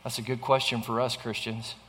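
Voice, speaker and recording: A man's voice: medium pitch, flat delivery, brisk, fairly bright tone, long reverb tail. A man preaching a sermon in an earnest way, often restarting phrases and asking the listeners rhetorical questions. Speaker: pastor.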